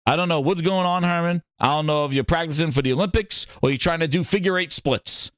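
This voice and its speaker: A man hosting a gaming show, reacting to clips in an excitable, mocking rant full of laughs and swearing. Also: a little high, fast, no echo, studio quality.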